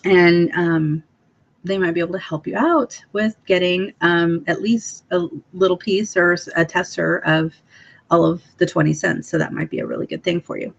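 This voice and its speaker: A woman's voice: fairly low pitch, steady tone, moderate pace, vocal fry. A woman giving a casual training talk to fellow sales consultants, bubbly and chatty, with lots of ums. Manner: bubbly and chatty, with filler ums and sudden playful voices. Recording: dull lo-fi recording.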